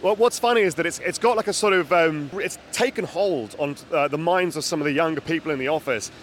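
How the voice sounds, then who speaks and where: A man's voice: fairly high pitch, quick pace, a little hiss or hum. A man hosting a podcast, chatting casually with a dry, understated manner. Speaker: podcast host. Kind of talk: casual chat.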